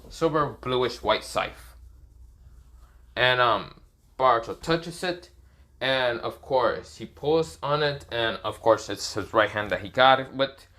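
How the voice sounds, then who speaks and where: Man narrating a fan story off the cuff, bright voice, rambling with fillers and throat clearing. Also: mid-range voice.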